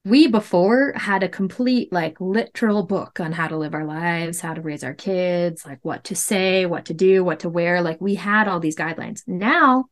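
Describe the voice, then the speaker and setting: A woman's voice: fairly low pitch, normal speed, few pauses. A woman in her thirties telling her own story as a podcast guest, candid and emphatic, full of "like" fillers. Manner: animated, emphatic, many "like" fillers.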